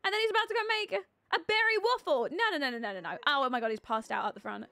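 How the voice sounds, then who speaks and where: A woman streaming a life-sim game live, chatting casually and thinking aloud, with sudden excited outbursts. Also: high-pitched, fast talker, gravelly, dry recording. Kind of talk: live gameplay commentary.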